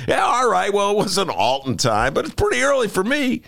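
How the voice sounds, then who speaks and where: Rambling, wildly animated radio host. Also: male voice, high voice, fairly quick, gravelly. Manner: rambling, jokey storyteller with voiced asides. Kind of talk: casual radio chat.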